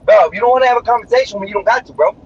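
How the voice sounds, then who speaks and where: A man with a strikingly high voice argues on his live stream, defensive and heavy on the profanity. The sound is muffled and lo-fi, with a faint hiss underneath. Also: very fast, darkish tone. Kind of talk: heated argument on a live stream. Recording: dull lo-fi stream audio, faint noise.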